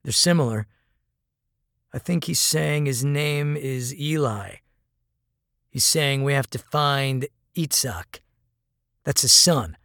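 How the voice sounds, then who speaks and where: A man's voice: medium pitch, slow, vocal fry, pauses often, fairly bright tone, no room sound, studio quality. A man doing a careful soldier translating. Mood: earnest. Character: tall army corporal, calm translator.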